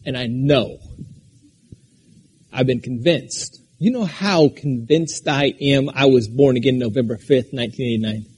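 A man from Alaska preaching a sermon as pastor, swinging between shouted declarations and quiet, conversational asides. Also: medium pitch, measured pace, slightly rough.

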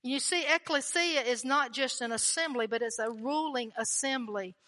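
A woman's voice: high voice, moderate pace, pushed and bright, in a large hall. A woman preaching a sermon with fervent emphasis, repeating key lines and asking the listeners questions.

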